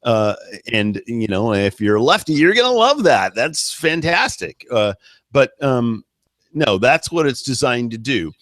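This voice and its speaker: A man's voice: medium pitch, animated, measured pace, a bit bright, dry recording, studio quality. A man co-hosting a political commentary show, emphatic and full of stammered restarts. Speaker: co-host.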